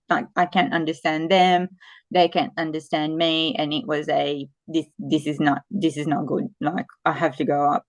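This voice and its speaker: A woman in her forties from the Philippines, a guest in a casual interview, telling animated stories that often restart mid-sentence. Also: low-pitched, no echo. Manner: animated storytelling with frequent restarts.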